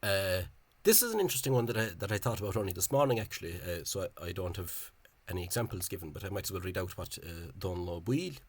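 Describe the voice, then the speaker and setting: A man with a very low, husky voice talks through a language topic in an informal video. He thinks aloud as he goes, wandering off into side points with a scholarly bent. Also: expressive, fast, hardly any pauses, dry recording. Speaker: Irish-language spelling enthusiast. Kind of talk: informal explanatory video talk.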